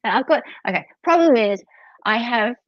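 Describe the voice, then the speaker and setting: A woman's voice: fairly high pitch, lively intonation, normal speed, no echo. A middle-aged Australian woman hosting a casual livestream from home, chatty and giggly as she greets her viewers. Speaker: livestream host. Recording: slightly dull lo-fi audio.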